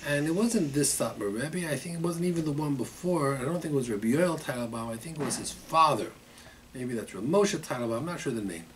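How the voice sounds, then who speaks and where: A man teaching as rabbi in a weekly Torah class, telling stories in an animated way with frequent repetitions. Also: mid-range voice, slight background noise. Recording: distant mic in a room.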